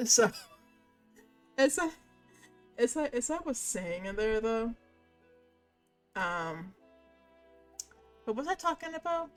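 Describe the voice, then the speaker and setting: A woman in a mid-range voice hosts a casual live stream. She rambles with many fillers and restarts, while faint music plays softly behind her. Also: mid-range voice. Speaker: streamer host.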